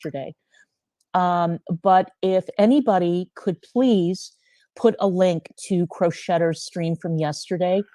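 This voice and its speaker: A woman welcomes her viewers and runs through her plans for the stream in a chatty, upbeat way. Her voice sits low for a woman. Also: measured pace, mellow. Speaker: streamer in a played clip.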